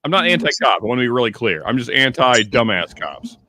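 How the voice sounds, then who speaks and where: Casting: man, bright crisp tone, wry asides, dry room, a little off-mic. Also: medium pitch, big pitch swings, dry recording. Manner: wry, quick interjections.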